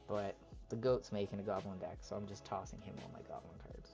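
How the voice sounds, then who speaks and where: A man's voice: lowish voice, a little fast, creaky, faint music behind. A man on a live stream, chatting casually and reading card text aloud as he opens packs. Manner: reads card text aloud in a relaxed running commentary.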